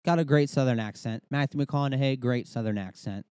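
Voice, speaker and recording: A man's voice: mid-range voice, brisk, a little mellow, smooth, dry recording, studio quality. A young man hosting a podcast, ranting casually with swearing and rambling asides. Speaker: podcast host. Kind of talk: casual comedic rant.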